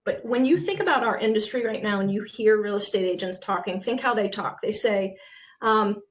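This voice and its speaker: A woman real estate agent chatting on a podcast, animated and quick to laugh, acting out the lines she quotes. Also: medium pitch. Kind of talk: casual podcast conversation. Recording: muffled lo-fi audio.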